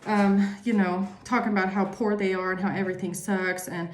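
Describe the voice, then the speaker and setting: A woman's voice: medium pitch, little pitch movement, a little fast, echoey room. A woman giving a tarot reading monologue, emphatic and repetitive, swearing freely. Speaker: tarot reader.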